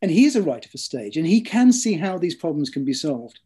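An author speaks in a thoughtful interview with a slightly raised pitch and a mellow, soft tone. He tells his stories in a measured way and often restarts with ums and repeated words. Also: big pitch swings, husky.

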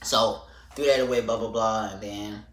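A man's voice: moderate pace, noisy background. Young man ranting in an echoey room. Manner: animated, slangy, swings from loud rants to low muttering. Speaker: vlogger. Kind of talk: casual storytime vlog.

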